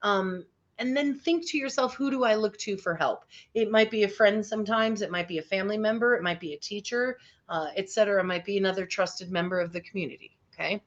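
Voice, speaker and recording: A woman's voice: mid-range voice, quick pace. A woman teaching a session on people skills to teens, chatty and encouraging, with many asides. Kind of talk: classroom lesson over video call. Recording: dull lo-fi audio.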